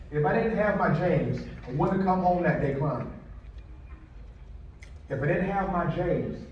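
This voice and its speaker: Man, motivational speaker, animated storyteller, slightly high voice, far from the mic in an echoey hall. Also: dull audio, a little hiss or hum. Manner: animated storyteller who acts out quoted voices. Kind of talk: inspirational storytelling speech. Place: large indoor hall.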